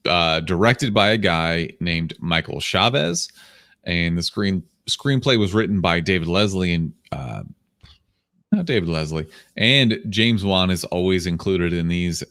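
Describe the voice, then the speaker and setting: A man's voice: low-pitched, fairly bright tone, dry recording, clean studio sound. A man co-hosting a podcast in casual chat, teasing and profane with mock-tough bravado. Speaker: podcast co-host.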